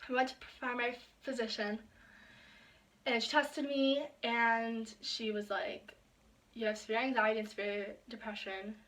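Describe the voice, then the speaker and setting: A woman's voice: a little high, flat delivery, a little slow. Young woman vlogging a personal story. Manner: casual, filler-heavy retelling with many quoted asides; drops to soft whispers when quoting herself and others.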